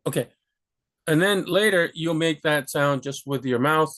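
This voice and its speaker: A man's voice: fairly high pitch, measured pace. Man giving a casual pronunciation lesson. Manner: relaxed, rambling, demonstrates sounds with sharp bursts. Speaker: language teacher.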